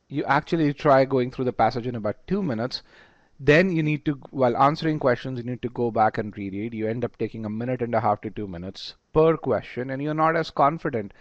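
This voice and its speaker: A man's voice: medium pitch, dry recording, lo-fi sound. A man teaching test preparation in a webinar, emphatic and repeating words as he thinks aloud. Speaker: test prep instructor. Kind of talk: webinar lecture.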